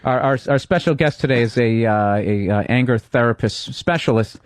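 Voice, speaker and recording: A man's voice: medium pitch, normal speed, dry recording, studio quality. A man co-hosting a comedy radio show, teasing and interrupting with jokes. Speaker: co-host. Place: radio studio.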